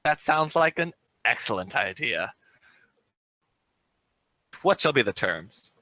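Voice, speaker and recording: A man's voice: mid-range voice, sing-song, slow pace, sharp tone, no room sound, exaggerated voice, rough recording. A man voicing a boisterous male goblin leader who chants and makes grand pronouncements. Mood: smug.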